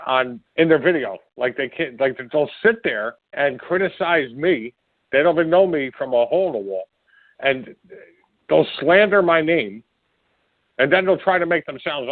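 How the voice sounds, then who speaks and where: A man's voice: fairly high pitch, expressive, moderate pace, no echo. A man hosting his own podcast, ranting furiously and hurling insults in a rambling, stumbling way. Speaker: podcast host. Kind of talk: angry ranting monologue. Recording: dry, phone-like lo-fi sound.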